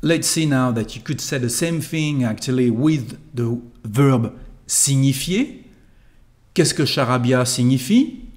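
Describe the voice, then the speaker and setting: A man's voice: mid-range voice, expressive, a little mellow. Tutor man explaining phrases. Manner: clear, deliberate explanation with repeated model phrases. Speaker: online French tutor. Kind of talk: language lesson.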